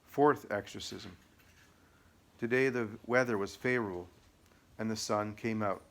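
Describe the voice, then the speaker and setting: A man narrating an audiobook in a measured, matter-of-fact way. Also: fairly low pitch, gravelly. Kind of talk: audiobook reading.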